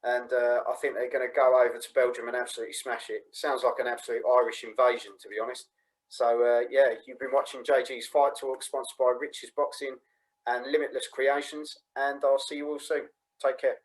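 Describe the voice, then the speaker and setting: A man hosts a relaxed interview at an ordinary mid pitch. He keeps things matey and encouraging, with plenty of fillers. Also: fairly quick, poor audio. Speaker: host. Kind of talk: casual interview chat.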